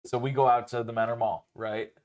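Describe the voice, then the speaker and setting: A man's voice: medium pitch, flat delivery, a little fast, a little mellow. A young man co-hosting a podcast, telling rambling, profane stories in casual chat and leaning on filler words.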